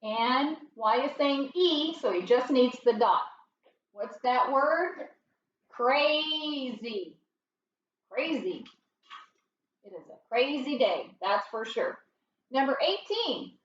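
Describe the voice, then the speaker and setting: A woman teaching a phonics lesson, sounding out words slowly and patiently for young learners. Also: high voice, animated, reverberant, recorded from a distance, lo-fi sound, a little hiss or hum.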